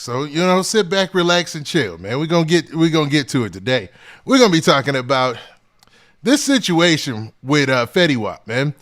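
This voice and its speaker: A man hosting a hip-hop news livestream. He talks in a relaxed, casual way and keeps saying "man" and "what's up". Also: a little high. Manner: laid-back, repeats "man" and "what's up" often. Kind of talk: casual livestream shout-outs.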